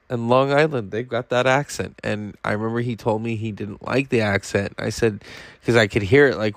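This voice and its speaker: A man's voice: lowish voice, no echo. A tired man hosting a podcast, talking in a casual, rambling monologue and swearing freely. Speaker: podcast host.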